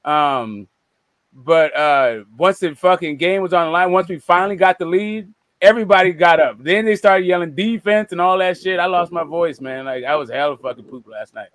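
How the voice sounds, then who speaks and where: A man with a slightly high voice chats casually about boxing, rambling through fillers and restarts. The sound is close and dry, with no room around it. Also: moderate pace, fairly bright tone, dry recording. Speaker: podcast co-host.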